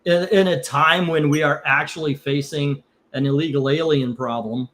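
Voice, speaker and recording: A man hosts a loose, chatty comic book auction, his voice sitting a bit on the high side. He rambles and swears between calling out lots and bids. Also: moderate pace. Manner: rambling, cursing, gets heated over politics then calms down. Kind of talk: casual live auction stream.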